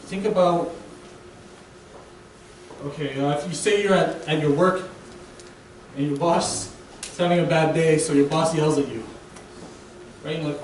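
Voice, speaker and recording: A young man preaches in a relaxed, chatty way, often pausing to ask "right?". His voice sits a bit high for a man. It is picked up from a distance in a booming, echoey hall, with a faint hiss underneath. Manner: casual, keeps asking "right?". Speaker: guest preacher. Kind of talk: conversational sermon. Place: church sanctuary.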